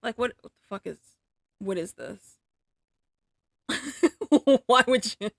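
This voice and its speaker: A woman's voice: on the high side, animated, slow pace, gravelly, no room sound, studio quality. A woman chatting casually on a livestream, swearing freely and exclaiming in disbelief. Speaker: livestreaming artist.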